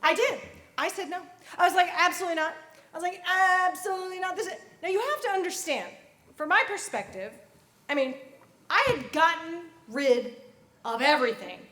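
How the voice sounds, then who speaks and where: A woman at a youth convention giving an earnest personal testimony that turns soft and quiet at its key points. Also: very high-pitched, lively intonation, moderate pace. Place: large convention hall. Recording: echoey hall.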